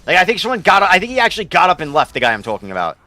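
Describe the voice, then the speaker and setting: Bright-voiced New man chatting on stream. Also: high-pitched, huge pitch swings, very fast, no room sound, faint music behind. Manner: rambling, profane, talks back to chat. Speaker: game streamer. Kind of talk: casual stream chat with viewers.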